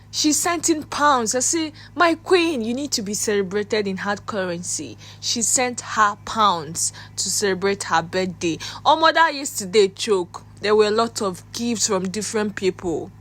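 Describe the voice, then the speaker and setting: A woman's voice: mid-range voice, fairly bright tone. A woman with a Nigerian accent, hosting a celebrity gossip channel and chatting in a gushing way, mixing pidgin with English. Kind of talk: gossip commentary.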